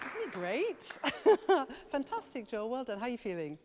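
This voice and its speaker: A woman's voice: fairly high pitch, huge pitch swings, normal speed, over a noisy crowd, heavy background noise. A woman leading a live horn masterclass in a large music college hall, chatty and enthusiastic, laughing often. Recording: echoey hall.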